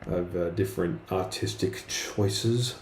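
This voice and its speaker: Male streaming artist, low and unhurried, hesitant casual chat, roomy recording. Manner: hesitant, many fillers and restarts. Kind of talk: casual live-stream chat while drawing. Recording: roomy with faint background noise.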